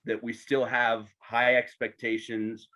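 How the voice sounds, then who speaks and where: A male podcast host chats and jokes his way through his questions, sometimes stumbling over his first words. His voice sits at an ordinary, mid-range pitch, and his delivery is relaxed and conversational. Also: unhurried. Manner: chatty, joking, with some false starts. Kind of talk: casual interview chat.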